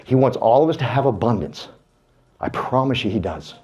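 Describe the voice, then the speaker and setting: A man's voice: mid-range voice, lively intonation, brisk, a little mellow, slightly rough, lo-fi sound. A man giving a folksy, fired-up motivational speech to a room of real estate agents, urging them on like a preacher. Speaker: real estate team speaker. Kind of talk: motivational speech to a live audience.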